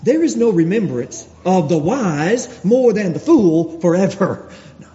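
A man's voice: sits high, big pitch swings, mellow. Preacher man in a reverberant sanctuary. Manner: earnest, rhetorical questions, slows and drops to near-whisper for emphasis. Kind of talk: sermon. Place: church sanctuary. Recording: dull recording with long hall reverb and faint noise.

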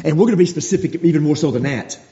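With a fairly high, warm voice, lively intonation and a racing pace, a man preaches as if chatting. Frequent restarts and dramatized quotes mark his delivery, heard through dull sound and long reverb from a hall.

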